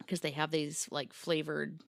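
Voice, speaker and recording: A woman's voice: low voice, little pitch movement, unhurried, vocal fry, no room sound, clean studio sound. A woman co-hosting a podcast, telling a story in a casual, exasperated and profane way. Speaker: podcast co-host. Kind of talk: casual chat.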